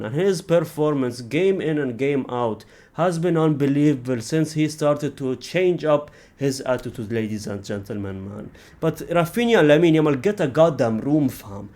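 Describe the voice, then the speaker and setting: A young man giving a casual ranting football reaction, animated and exasperated, peppering his talk with "man" and "fam" and frequent swearing. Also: mid-range voice, normal speed.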